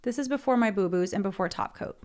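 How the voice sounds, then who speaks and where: Smooth-voiced woman chatting through her nails. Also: medium pitch, fast, a little mellow. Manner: chatty, self-narrating while painting nails. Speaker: beauty vlogger. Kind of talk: casual tutorial chat. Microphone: desk mic.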